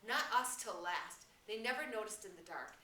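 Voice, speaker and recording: A woman's voice: medium pitch, animated, moderate pace, pushed and bright, voice pushed up. A woman voicing an anxious, stubborn chubby schoolboy who speaks shrilly and insistently. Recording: roomy room, distant mic, faint hiss.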